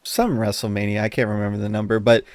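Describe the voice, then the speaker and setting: A man co-hosting a podcast, telling a story in casual chat, animated, laughing as he talks and swearing often. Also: on the low side, fast talker, smooth, no echo, studio quality. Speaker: podcast co-host.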